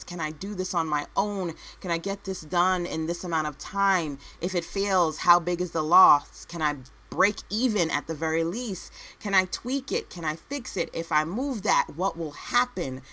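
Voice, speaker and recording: A woman's voice: on the low side, moderate pace, hardly any pauses, bright, forceful tone. A woman entrepreneur and work-at-home mom giving a motivational speech, with punchy one-word headings, repeated phrases and conversational asides to the listener.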